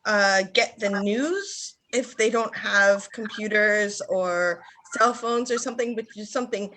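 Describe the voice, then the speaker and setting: A woman's voice: mid-range voice, unhurried, slight background noise, poor audio. A woman guest chatting casually on a video call, enthusiastic as she praises a cause. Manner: enthusiastic and warm-hearted. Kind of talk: casual chat.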